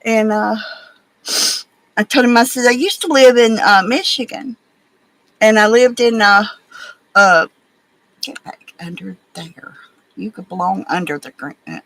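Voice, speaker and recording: A woman's voice: mid-range voice, fairly bright tone, rough recording. Chatty woman with an Alabama drawl. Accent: Southern US (Alabama). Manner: folksy, rambling, chatty storyteller. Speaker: livestream host. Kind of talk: casual chat while beading.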